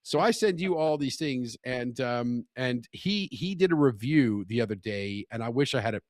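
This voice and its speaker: A man's voice: mid-range voice, lively intonation, normal speed, no echo, studio quality. A man co-hosting a casual podcast chat, teasing and laughing often, rambling with frequent restarts. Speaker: podcast co-host.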